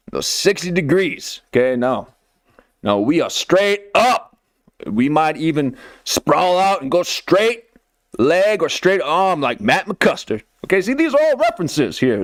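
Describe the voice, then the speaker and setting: A man's voice: on the high side, no room sound, studio quality. A man hosting a comedy clip channel, doing a hyped streamer persona and tacking "okay?" onto his lines.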